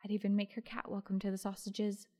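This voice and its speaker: A woman reading the part of a gentle, shy young mother, soft and earnest. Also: medium pitch, monotone, fast, natural voice. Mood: tender.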